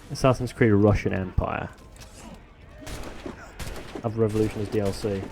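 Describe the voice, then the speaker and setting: A Mancunian man streams a game live, reading out chat messages and riffing on them with easy, rambling jokes. His voice sits on the low side and carries a gravelly fry. He chuckles at the comments as he goes. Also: steady tone, slow, noisy background. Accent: Manchester. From northwest England.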